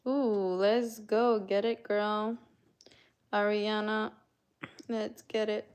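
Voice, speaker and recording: Slow-talking woman chatting on a livestream. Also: mid-range voice, level tone, a little mellow, smooth. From Canada. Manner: chatty, reads out chat messages and greets viewers by name. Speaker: livestream host. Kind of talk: casual live-stream chat with viewers.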